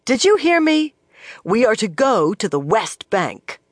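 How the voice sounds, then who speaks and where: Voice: mid-range voice, lively intonation, measured pace, fairly bright tone, no echo, studio quality. A narrator voicing an impatient, commanding young woman who speaks indignantly.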